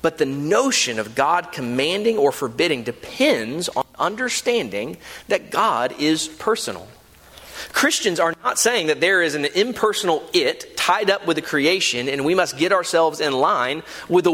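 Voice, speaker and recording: A man's voice: a little high, animated, moderate pace, a bit bright. A male preacher giving an earnest, emphatic sermon, often checking in with a rhetorical "right?". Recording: long hall reverb.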